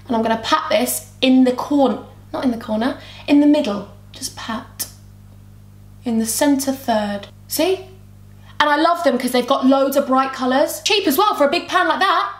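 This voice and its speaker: Young woman vlogger, high and bubbly, chats to herself through a makeup tutorial in an echoey room. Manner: bubbly, rambling, talks to herself and her camera. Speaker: beauty vlogger. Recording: roomy echo.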